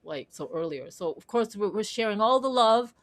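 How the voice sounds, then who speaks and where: A young woman from Canada hosts a casual livestream chat, talking in a bubbly, giggly, rambling way. Her voice sits at an ordinary middle pitch. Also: animated, moderate pace. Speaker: host.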